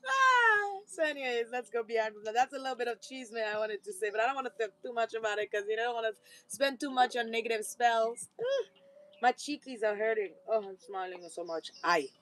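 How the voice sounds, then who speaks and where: List: woman vlogger, fairly high voice, rambling, laughing, preachy motivational monologue. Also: lively intonation, fairly quick, fairly bright tone, low-quality recording.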